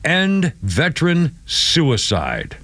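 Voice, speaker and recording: An older man hosting a radio talk show, excitable and indignant, swearing as he rants. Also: on the high side, very slow, dry recording.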